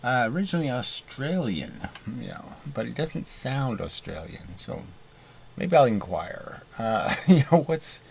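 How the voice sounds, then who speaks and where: A man's voice: medium pitch, sing-song, a little slow, vocal fry, a little mellow, a little hiss or hum. A man hosting a casual video monologue and mock debate, rambling with many fillers and restarts. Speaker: host.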